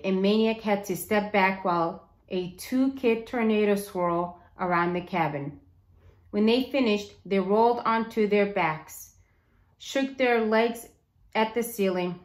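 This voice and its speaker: Woman teacher reading a chapter book aloud, slow and expressive, echoey room. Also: mid-range voice.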